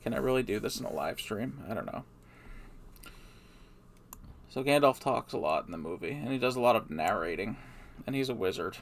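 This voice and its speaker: A man's voice: mid-range voice, expressive, a little fast, creaky, pauses often, slight background noise. A man streaming live, rambling in a hesitant, mumbling, self-deprecating way.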